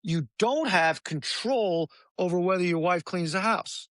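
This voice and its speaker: A man's voice: high-pitched, a little slow, fairly bright tone, no echo, studio quality. A man co-hosting a podcast, making an earnest point in casual chat and restarting words as he goes. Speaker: podcast co-host.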